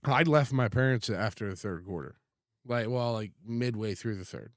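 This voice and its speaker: A man's voice: on the low side, normal speed, no room sound, clean studio sound. A man co-hosting a casual podcast from a converted garage, talking in a rambling way with frequent restarts. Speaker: podcast co-host. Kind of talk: casual chat.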